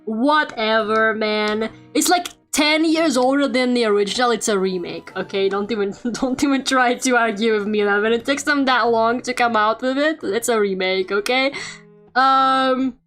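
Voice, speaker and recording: A young woman chats casually to her viewers while she draws. Her voice sits a little high, and she rambles, jokes and mock-rants with plenty of fillers. Soft music plays faintly behind her. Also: moderate pace. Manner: chatty, lots of fillers, playful rants. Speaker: streamer and artist. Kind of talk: casual chat while drawing on stream. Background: quiet game music playing.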